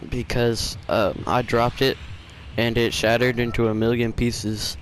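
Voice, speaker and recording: A man's voice: medium pitch, level tone, a little slow, a little hiss or hum. A man hosting a channel, telling a casual storytime with rambling, filler-heavy talk. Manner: rambling, with many fillers and restarts. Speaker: gaming channel host.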